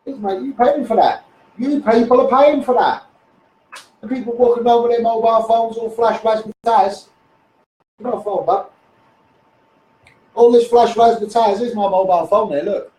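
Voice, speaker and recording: His voice is very high and dark-toned, moving at normal speed with long pauses, as this Liverpool-accented Englishman holds forth in a blunt, rambling livestream rant. He leans on "mate" and "you know what I mean," and the phone stream sounds distant and roomy with faint noise.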